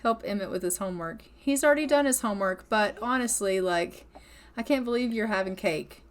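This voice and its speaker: A woman's voice: medium pitch, a little fast. A woman chatting affectionately as she narrates a life-sim game, often laughing. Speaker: gameplay commentator. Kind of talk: casual let's-play commentary.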